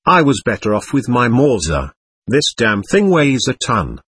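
A man's voice: mid-range voice, big pitch swings, unhurried, fairly bright tone, husky, no echo, studio quality, heavily acted. A man reading the part of a blunt, wry soldier comrade in an audiobook.

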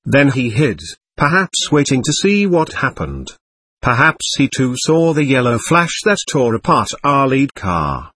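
A male narrator with a husky, slightly breathy voice reads a wartime memoir in a steady, solemn way. His pitch sits in an ordinary middle range, and the recording is close and dry, with no room sound. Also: unhurried, dry recording. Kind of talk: audiobook narration of a war memoir.

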